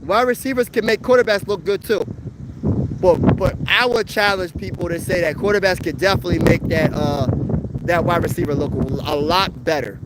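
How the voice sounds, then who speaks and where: A young man from Pennsylvania hosting a casual live sports talk stream, slangy and animated, answering viewer comments. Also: sits high, normal speed, very noisy. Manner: slangy, animated, rhetorical questions. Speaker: sports talk livestream host.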